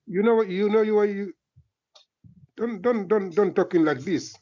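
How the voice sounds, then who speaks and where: Caller, male, high voice, stammering and repetitive, on a dull muffled line. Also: dark tone. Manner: halting, repeats words, accusing. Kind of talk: call-in argument. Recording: muffled distant call audio.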